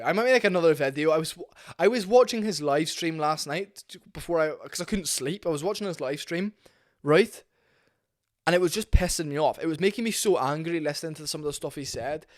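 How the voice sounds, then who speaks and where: A man ranting bluntly in a casual, sweary vlog about fighting. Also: fairly high pitch. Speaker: MMA commentary vlogger. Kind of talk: opinionated casual rant.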